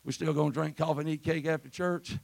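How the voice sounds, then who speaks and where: High-voiced preacher, building to shouts. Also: male voice, fairly even intonation, fast, creaky, no room sound. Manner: rises to shouted peaks, calls for amen. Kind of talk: Pentecostal sermon. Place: church sanctuary.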